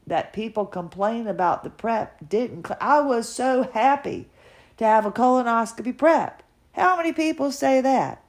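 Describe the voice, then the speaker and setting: Slow-talking earnest woman, emotional podcaster. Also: on the low side. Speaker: podcaster sharing her health journey. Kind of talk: casual personal monologue.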